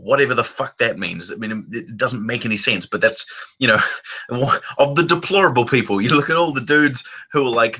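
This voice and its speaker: Very bright-voiced man rambling fast. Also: medium pitch, poor audio. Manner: rambling, restarts sentences, laughs while talking. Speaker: channel host. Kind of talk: casual chat.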